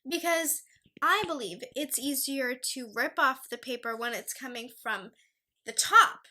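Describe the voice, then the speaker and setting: A young woman hosting a casual solo podcast, chatty and animated as she rants about pet peeves. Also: a little high. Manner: chatty, animated, talks to her dog in a soft baby voice. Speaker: podcast host.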